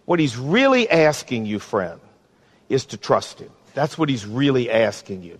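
A man's voice: mid-range voice, big pitch swings, slightly rough. Earnest male pastor preaching. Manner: earnest, pleading, slows for emphasis. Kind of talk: sermon and closing prayer.

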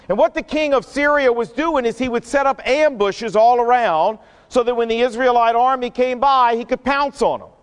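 Male pastor, earnest sermon, very high voice, long echo. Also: clean tone. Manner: earnest, emphatic, repetitive. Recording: long hall reverb.

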